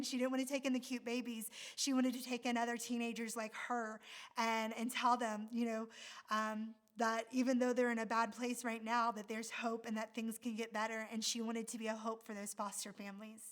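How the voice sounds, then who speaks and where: A woman's voice: fairly high pitch, flat delivery, brisk. A woman from the United States, a missionary speaker, telling a story in a sermon in an earnest, heartfelt way.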